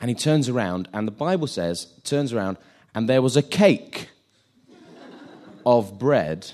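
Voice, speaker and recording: A man's voice: mid-range voice, animated, measured pace, a little mellow. A man giving an informal sermon, chatty and self-deprecating, acting out the scenes he retells.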